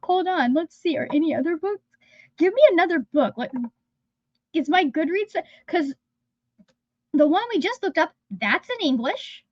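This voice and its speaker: A woman's voice: very high voice, lively intonation, normal speed, long pauses, dry recording, lo-fi sound. A woman hosting a livestream, talking in a rambling, chatty way that often trails off mid-sentence. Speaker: livestream host. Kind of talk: casual livestream chat. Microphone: phone.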